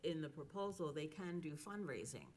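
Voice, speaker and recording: A woman council member giving her view in a meeting, earnest and measured with many fillers. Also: low voice, lively intonation, darkish tone. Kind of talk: public meeting discussion.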